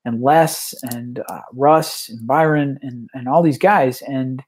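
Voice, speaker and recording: A man talking casually as a podcast guest, rambling with many restarts and fillers, and getting animated as he retells stories. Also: mid-range voice, slow pace, husky. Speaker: tabletop tournament organizer, guest.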